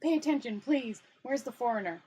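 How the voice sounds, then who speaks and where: Woman reader doing a nervous wizard, hissed and urgent, pitched a little up. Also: lively intonation, fairly quick, mellow, husky. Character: hurried nervous male wizard, hissing. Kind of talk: storybook reading.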